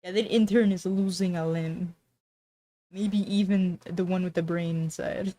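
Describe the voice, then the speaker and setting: A woman's voice: on the low side, steady tone, measured pace, dark tone. Sarcastic woman streamer, casual chat. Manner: rambling, sarcastic, trails off mid-sentence.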